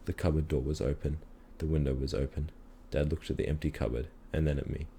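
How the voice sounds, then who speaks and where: A man calmly reading a children's story aloud in a measured storytelling manner. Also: very deep voice, creaky, slight background noise. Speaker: reader.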